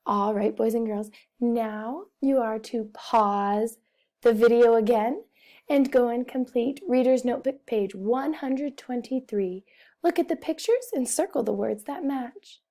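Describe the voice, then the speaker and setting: This first-grade teacher's voice is fairly high with a dark tone, and her pace is unhurried. Addressing young children in a phonics lesson, she sounds out each word carefully, over-enunciating and repeating it.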